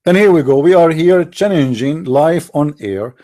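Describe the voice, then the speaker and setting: A man's voice: a little high, lively intonation, moderate pace, dark tone. A man hosting a live call-in show, talking bluntly and mockingly in broken grammar. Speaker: host of a live call-in challenge. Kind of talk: unscripted live talk.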